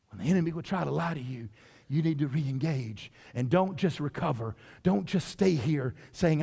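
A male lead pastor preaching in a church, his somewhat high voice carrying a gravelly edge. He talks loud by habit, then drops to near-whispers. His words ring with the long reverb of a church hall. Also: normal speed. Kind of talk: sermon. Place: church sanctuary.

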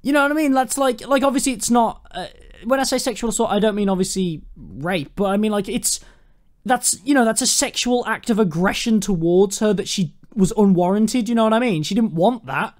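A man's voice: sits high, brisk. A man co-hosting a podcast, swearing and ranting animatedly about a film in casual chat. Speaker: podcast co-host.

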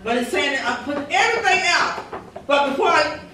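A woman pastor gives a fervent, repetitive sermon with rhetorical quotes inside a church sanctuary. She's animated, high-voiced and moderately paced. The recording is echoey, distant and has a noisy background.

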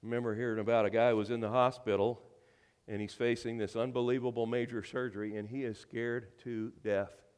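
A man preaching a sermon, his voice rising from near-whispers to loud, ringing emphasis and back again. He is a minister who keeps turning to his congregation with questions, delivered in a mid-pitched voice. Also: flat delivery, brisk, clean tone, big-room sound. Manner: dynamic preaching, swinging from hushed to loud and emphatic.

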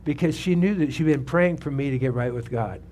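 Here a man in his seventies, a pastor, gives a sermon featuring his personal testimony inside a church sanctuary. His mid-range voice is a little mellow and fairly quick, and his conversational delivery includes questions aimed at the congregation.

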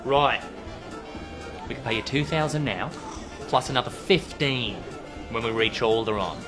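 A man's voice: mid-range voice, unhurried, lightly acted. A man playing a laid-back older mentor with a broad Australian accent, easygoing and slangy. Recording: music behind the voice.

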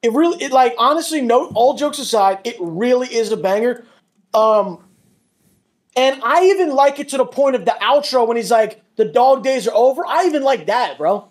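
A man's voice: very high voice, lively intonation, moderate pace. A man as a guest in a casual chat over a call, laid-back and teasing, full of dude and bro.

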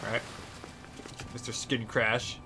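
A man's voice: mid-range voice, little pitch movement, slow, noisy background. A young man livestreaming a video game, chatting casually and playfully, giggling and talking to the characters. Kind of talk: casual gameplay commentary.

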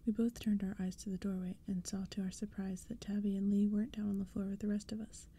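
A woman reading a spooky story aloud in a soft, hushed whispered role-play. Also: mid-range voice, flat delivery, fast, breathy edge. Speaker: ASMR storyteller.

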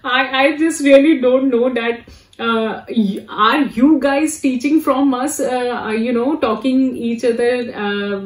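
An Indian woman with an Indian English accent talks through a clip in a casual, halting way, full of fillers and restarts. Her voice sits a little high. She is heard from some distance in an echoey room. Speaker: reaction video host. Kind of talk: casual reaction commentary. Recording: echoey room, away from the mic.

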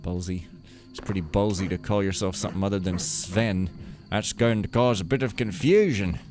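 This man's voice sits low and runs at normal speed. As a let's play host he gives rambling gameplay commentary, wry and joking, mostly talking to himself, with game music in the background.

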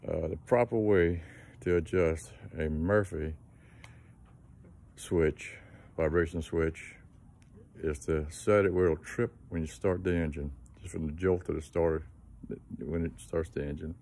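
Low, flat-voiced plainspoken man. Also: measured pace. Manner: plainspoken, folksy, trailing fillers. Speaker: engine mechanic giving a tip. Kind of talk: casual how-to talk to camera.

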